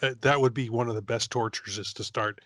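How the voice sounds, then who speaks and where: A man co-hosting a podcast who reacts with short murmurs in casual chat and reads news items with halting restarts. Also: medium pitch, steady tone, fairly bright tone, no room sound, studio quality. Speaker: podcast co-host.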